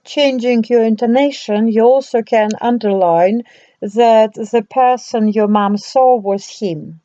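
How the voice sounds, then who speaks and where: A woman teacher giving a scripted language lesson, speaking slowly and carefully. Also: a little high, warm tone, lo-fi sound. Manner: slow, careful, deliberate delivery.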